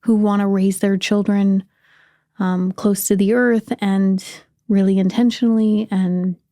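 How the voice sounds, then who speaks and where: A woman talking on a podcast in a thoughtful, soft-spoken way, searching for her words as she opens up. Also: medium pitch, level tone, a little slow, no room sound, studio quality. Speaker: podcast guest, host's partner. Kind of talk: casual conversation.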